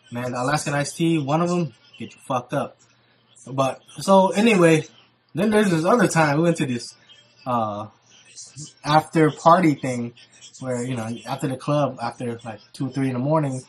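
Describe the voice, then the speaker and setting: A man's voice: fairly high pitch, slight background noise. A young man vlogging, telling stories casually with heavy slang and swearing, acting out what people said. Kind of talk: casual storytelling.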